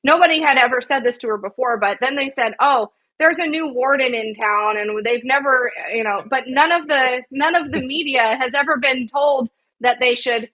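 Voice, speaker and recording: A woman's voice: sits high, moderate pace, hardly any pauses, pushed and bright, rough recording. A woman co-hosting a podcast, recounting a news story in a rambling, indignant way with frequent swearing. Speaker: podcast co-host. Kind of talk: casual news chat.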